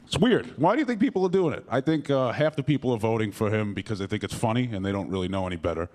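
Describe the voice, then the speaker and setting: Young guy doing stand-up in a club, rambly and swearing a lot, pitch jumping all over. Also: lively intonation, racing, a little mellow. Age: young adult. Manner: rambling, profane, self-mocking, with lots of fillers. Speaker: stand-up comedian. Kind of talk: stand-up comedy set. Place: comedy club stage.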